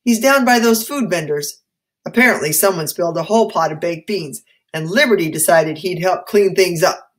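A woman's voice: fairly low pitch, moderate pace, natural voice. A woman voicing a cheerful, chatty schoolboy. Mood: upbeat.

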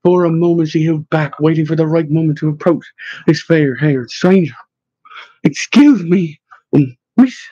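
A man narrates a story with measured, expressive pacing. His voice sits a touch high for a man yet sounds mellow and husky. The recording is dry and dull, as if muffled. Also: no room sound. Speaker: audiobook narrator. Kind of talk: scripted narration.

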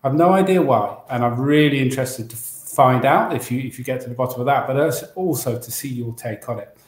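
Brisk and mid-range in pitch, an Englishman rambles enthusiastically as co-host of a laid-back chat show. He keeps starting over mid-thought, and the sound echoes around the room.

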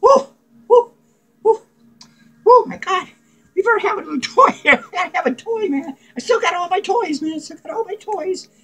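A man's voice: very high-pitched, lively intonation, normal speed, a bit bright, exaggerated voice, low-quality recording. A man playing a manic, unhinged male clown who rambles giddily and crudely in a comedic character vlog, cackling and swearing. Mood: giddy. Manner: cackling, profane, giddy rambling.

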